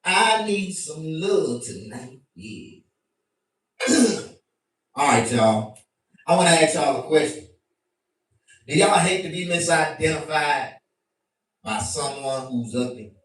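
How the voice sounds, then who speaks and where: A man doing a profane stand-up rant to his stream, animated and bursting into shouts. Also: fairly high pitch, slow, pauses often. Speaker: comedian. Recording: very echoey room, mic at a distance.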